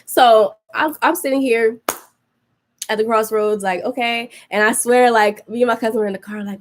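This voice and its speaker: A woman's voice: on the high side, moderate pace. A young woman hosting a podcast, telling a story in casual chat, full of fillers and restarts, acting out her own reactions. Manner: rambling, many fillers and restarts. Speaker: podcast host.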